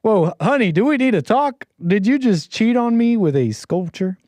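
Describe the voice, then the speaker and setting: A man's voice: high voice, expressive, normal speed, darkish tone, no room sound, pitched above the performer's own voice. A man putting on the voice of a jealous husband, scolding his wife in a mock-wounded, sing-song way.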